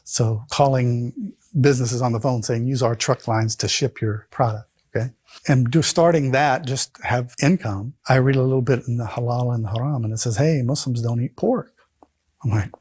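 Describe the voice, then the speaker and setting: A middle-aged man from the United States with a husky, slightly rough voice at an ordinary pitch. He tells his own story casually and with energy. When he quotes other people, he shifts into their voices to act them out. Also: dry recording. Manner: animated, acts out quoted voices. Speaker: convert telling his story.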